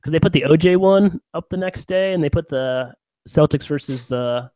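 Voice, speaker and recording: A man with a fairly high, mellow voice co-hosts a wrestling podcast, chatting casually at a moderate pace. He laughs easily and leans on plenty of filler words. The recording has no echo.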